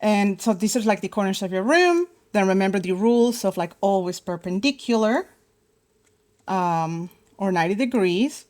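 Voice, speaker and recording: A young woman leads a casual drawing lesson, talking through each step as she sketches. She thinks out loud, backs up, restarts her sentences and fills the pauses with little words. Her pitch sits in an ordinary middle range for a woman. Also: expressive. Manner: chatty, thinks aloud with many fillers and restarts. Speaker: art teacher.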